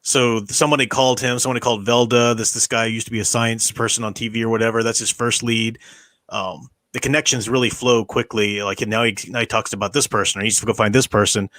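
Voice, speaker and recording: A man hosting a casual film rewatch commentary, chatty and animated as he picks apart scenes. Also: mid-range voice, fast, dry recording. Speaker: podcast host.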